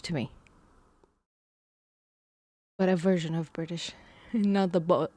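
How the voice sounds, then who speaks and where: Woman streamer, lowish voice, muses hesitantly through math problems. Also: steady tone, slow, long pauses, warm tone, no room sound. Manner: musing, hesitant, slips into whispers. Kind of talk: casual live-stream thinking aloud.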